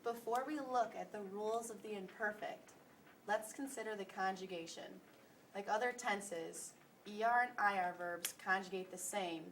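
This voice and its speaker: A young woman slowly reciting Spanish verb conjugations for a school presentation. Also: mid-range voice, a bit bright. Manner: slow careful recitation of verb forms. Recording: distant mic with faint hiss.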